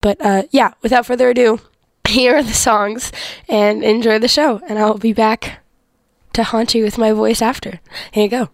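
A young woman hosting a radio show in a casual, chatty way, her voice hoarse and worn. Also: a little high, fairly even intonation, moderate pace, dry recording. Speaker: radio host.

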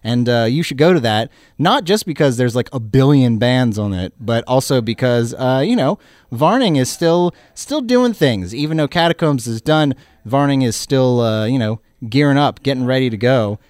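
Male radio dj, sarcastic, rambling, lively swooping pitch, dry close sound. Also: normal speed, dry recording. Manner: sarcastic, rambling, self-mocking. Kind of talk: casual chat between songs.

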